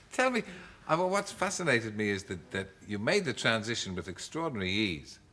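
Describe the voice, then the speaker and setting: A man's voice: lowish voice, sing-song, moderate pace, sharp tone. A man hosting a television talk show, asking teasing questions of his guest. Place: television studio.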